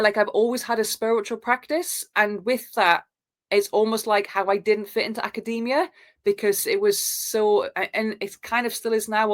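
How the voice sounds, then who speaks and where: Woman, podcast guest, earnest spiritual storytelling, halting with fillers, medium pitch. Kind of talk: reflective personal storytelling.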